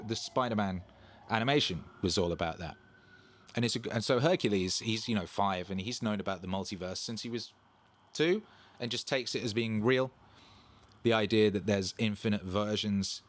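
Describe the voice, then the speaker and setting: A man hosting a livestream, talking casually and animatedly, breaking into mocking voices. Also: on the low side. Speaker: streamer hosting a Q&A show.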